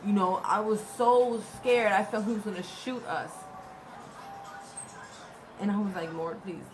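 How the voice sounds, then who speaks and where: A young woman telling a personal story in a casual, halting way, often repeating and restarting her words. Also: mid-range voice, rough recording. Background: music.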